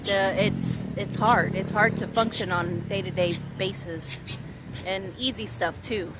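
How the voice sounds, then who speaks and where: Halting, slow-talking woman venting. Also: mid-range voice, heavy background noise. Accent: Southern US. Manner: rambling, halting, swears, restarts often. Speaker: vlogger. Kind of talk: casual venting vlog.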